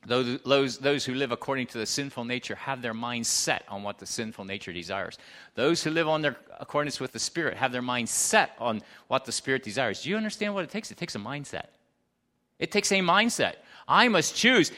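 A man preaching a sermon, emphatic, swinging between loud declarations and hushed asides and asking the congregation questions. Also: mid-range voice. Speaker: pastor.

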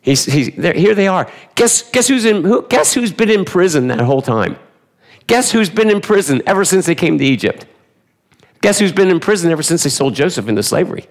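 Rhetorical questions fly at the congregation as a male pastor gives an animated, emphatic church sermon, repeating his key lines along the way. He has a high voice and a brisk delivery.

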